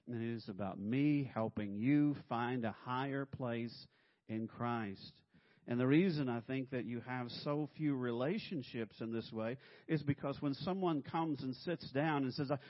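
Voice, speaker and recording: A man preaching a sermon in a conversational way, with humorous asides and acted-out quotes. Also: medium pitch. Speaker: pastor. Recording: dull lo-fi recording.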